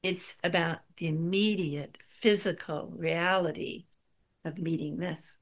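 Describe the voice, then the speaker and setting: A woman's voice: on the low side, steady tone, a little slow. A middle-aged woman giving a spiritual talk, telling a personal story with wry, self-deprecating humor.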